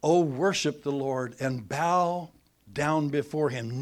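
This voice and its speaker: A middle-aged man preaching a sermon, teaching with animated emphasis that swings between loud and soft. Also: on the high side, slow pace.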